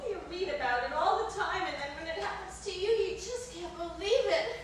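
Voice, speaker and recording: A woman's voice: very high-pitched, fairly quick. A woman acting as an exasperated middle-aged wife in a live stage play, recorded from afar in a theater. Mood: shaken. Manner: exasperated, sarcastic retorts. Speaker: stage actor. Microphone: distant room mic. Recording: echoey hall, distant, faint noise.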